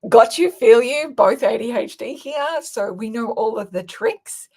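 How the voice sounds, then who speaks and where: A middle-aged woman hosting a livestream, chatting frankly and cursing freely as she answers comments and pushes a deal. Her voice has a gravelly, husky texture. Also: measured pace. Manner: frank, sweary and excitable sales pitch. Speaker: online business coach hosting a livestream. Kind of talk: casual livestream chat reading viewer comments.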